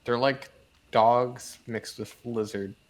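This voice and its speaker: Male guest, slow, halting, plenty of ums, somewhat distant. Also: medium pitch, fairly even intonation. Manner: hesitant, halting. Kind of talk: casual chat.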